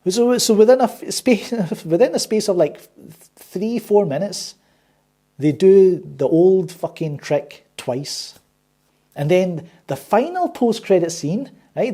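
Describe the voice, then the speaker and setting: A sarcastic man rants his way through a film review, swearing freely. His voice sits a bit high for a man, with a husky, breathy grain and a warm, mellow tone. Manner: sarcastic, swears a lot, exasperated. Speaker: movie reviewer and channel host. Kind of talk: ranting casual review.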